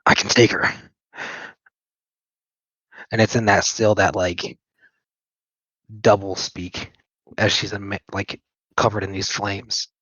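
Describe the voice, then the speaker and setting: Low, unhurried man running a game. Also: flat delivery, fairly bright tone, no echo. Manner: loose, filler-heavy narration with chuckles. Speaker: game master. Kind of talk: narrating a tabletop game. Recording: dull lo-fi dry mic.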